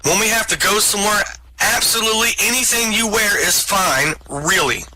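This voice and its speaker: A man's voice: high-pitched, normal speed, bright, forceful tone, a little hiss or hum, rough recording. A man telling jokes and a list of rules at an online open mic, chuckling at his own punchlines. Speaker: stand-up comic. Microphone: home microphone, online voice chat.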